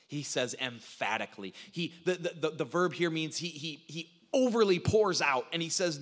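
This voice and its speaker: A man preaching a sermon, animated, acting out quoted lines, with frequent restarts. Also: a little high, moderate pace, few pauses. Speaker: pastor. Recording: reverberant hall sound.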